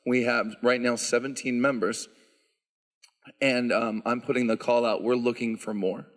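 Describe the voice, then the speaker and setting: A man at mid pitch fields questions from a concert audience and explains each handbell instrument in an easygoing, explanatory way, with plenty of "um"s. His voice carries a long reverb, as though he were speaking in a church sanctuary. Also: moderate pace. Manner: explanatory, relaxed, lots of "um" fillers. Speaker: bell choir director.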